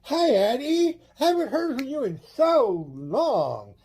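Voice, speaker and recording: A man voicing an excitable dog calling in to a show, rambling breathlessly with lots of likes. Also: very high-pitched, takes it slowly, breathy edge, pitched above the performer's own voice, heavily acted. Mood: giddy. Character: excitable dog caller with a squeaky voice. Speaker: caller.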